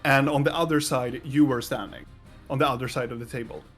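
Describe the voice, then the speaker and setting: A man's voice: mid-range voice, fairly even intonation, brisk, faint music behind. A man running a tabletop game as game master, describing scenes unhurriedly and laughing often.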